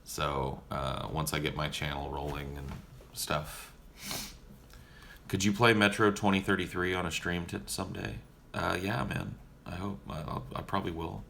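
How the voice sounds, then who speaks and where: Young male streamer, laid-back and foul-mouthed Q&A, with a bright, edgy tone and faint background noise. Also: low-pitched, normal speed, vocal fry. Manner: profane, joking and laid-back. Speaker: streamer answering viewer questions. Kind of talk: casual livestream Q&A.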